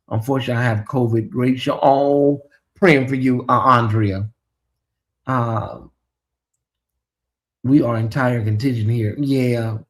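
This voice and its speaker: A man hosting a casual livestream, chatting animatedly and reading out viewer comments with exclamations and asides. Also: mid-range voice. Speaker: livestream show host.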